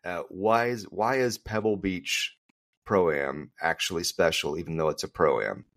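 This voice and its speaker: A man's voice: sits low, unhurried, fairly bright tone. A man co-hosting a podcast, talking casually and with strong opinions, often restarting his sentences. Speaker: podcast co-host. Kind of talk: casual chat.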